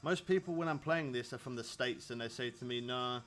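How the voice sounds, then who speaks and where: A man's voice: medium pitch, brisk, a bit bright. A man in his thirties from England, rambling casually to his viewers while streaming a fishing game. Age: 30s. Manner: rambling, chatty, laughs often. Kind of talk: casual live-stream chat.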